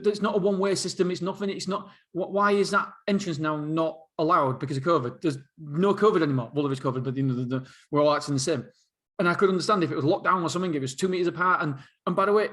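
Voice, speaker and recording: A man's voice: a little high, fairly bright tone. A middle-aged man hosting a solo podcast, telling a story in a rambling, self-interrupting way and laughing at himself. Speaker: podcast host.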